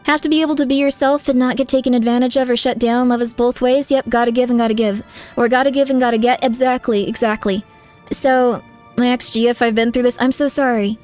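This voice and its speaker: High-voiced woman chatting with her stream. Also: steady tone, brisk, darkish tone, faint music behind. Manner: rambling, candid advice full of "like", reacting to chat. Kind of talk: casual chat with viewers during a live game stream.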